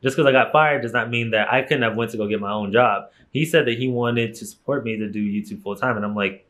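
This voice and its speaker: A man's voice: medium pitch, fast talker, fairly bright tone. A young man telling a personal story straight to camera in a casual vlog, candid and emphatic, swearing freely. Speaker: YouTuber.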